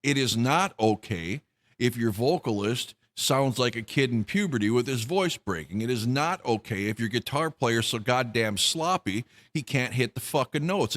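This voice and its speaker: A man's voice: mid-range voice, a bit bright. A man hosting a rock music news show, ranting with heavy swearing and mocking quotes. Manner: profane, heated ranting with mocking put-on quotes. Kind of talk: ranting commentary.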